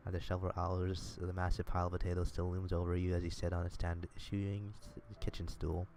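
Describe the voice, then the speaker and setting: Gravelly deep-voiced man, sardonic. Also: completely flat delivery, fairly quick, a little mellow, soft background music. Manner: sardonic, swears a lot. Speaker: streamer. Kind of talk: reading a visual novel aloud live.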